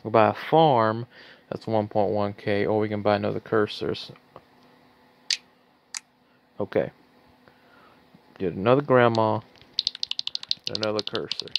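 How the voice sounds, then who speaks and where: A woman's voice: rumbling low, fairly even intonation, moderate pace, pauses often, highs cut off. A woman casually rambling and swearing as she comments on a game she is playing, laughing often. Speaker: gaming channel host. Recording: loud background noise, clicking.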